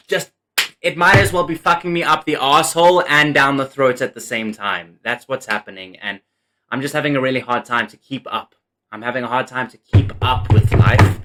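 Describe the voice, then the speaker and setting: Bright-voiced man in casual gameplay talk. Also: medium pitch. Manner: swears a lot, flips from calm rambling to angry outbursts. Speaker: gameplay streamer. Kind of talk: casual let's play commentary.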